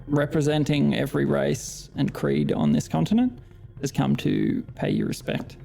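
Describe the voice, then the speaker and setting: An Australian man narrating as dungeon master of a tabletop game, relaxed and hesitant with frequent ums. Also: a little high, moderate pace, gravelly, soft background music.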